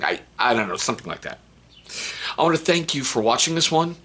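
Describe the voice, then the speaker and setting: A middle-aged man talks casually to his viewers in a rambling, self-mocking way, often restarting his sentences. His voice is bright and forward, with a husky edge. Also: fairly high pitch, expressive, brisk. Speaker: vlogger, stepfather. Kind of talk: casual talk to camera.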